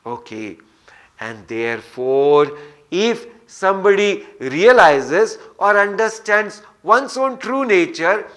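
A man's voice: a little high, a bit bright. A man giving a scripture lecture, telling stories and repeating phrases for emphasis. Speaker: spiritual teacher.

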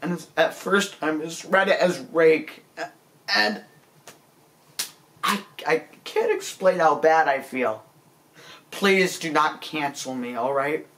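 A man plays up a fake-tearful apology in a slow, drawn-out delivery. He stammers through every sentence, pleading and self-pitying. His fairly high voice keeps jumping into squeaky cracks. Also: fairly bright tone. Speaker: comedy vlogger. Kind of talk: mock-serious apology monologue.

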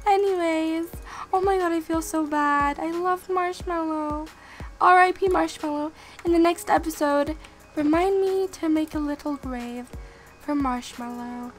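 Sick female gaming host, high-pitched and bright, unhurried but excitable, addresses viewers directly, faint music under her. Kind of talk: let's-play gameplay commentary.

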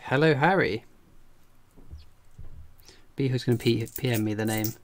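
A man's voice: mid-range voice, unhurried. An English man hosting a casual livestream, chatting and joking while he reads out viewer comments. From England. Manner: chatty and jokey, laughs often. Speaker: coin collecting livestream host.

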